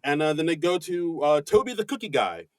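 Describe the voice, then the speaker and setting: A man's voice: on the high side, very animated, fairly quick, no echo. A man co-hosting a casual chat podcast, recapping in a rambling way with many fillers. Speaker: podcast co-host.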